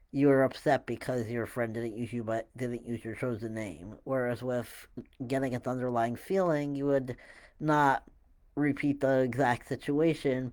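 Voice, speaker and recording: A man explaining a listening technique to parents in a relaxed, halting way, with many fillers and restarts. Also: medium pitch. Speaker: parenting educator. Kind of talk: casual instructional talk to camera.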